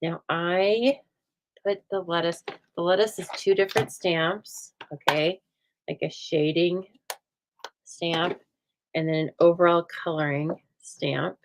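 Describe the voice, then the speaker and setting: A woman's voice: fairly low pitch, fairly even intonation, takes it slowly. A woman hosting a live stamping demonstration, chatting playfully and answering viewer comments as she works. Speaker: craft show host. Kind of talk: live stamping demo chat.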